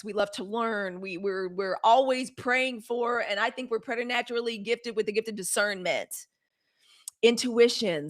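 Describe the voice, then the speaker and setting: A woman hosting a daily live news stream, talking in a sassy, animated way straight to her viewers. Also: fairly high pitch. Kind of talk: casual live-stream commentary.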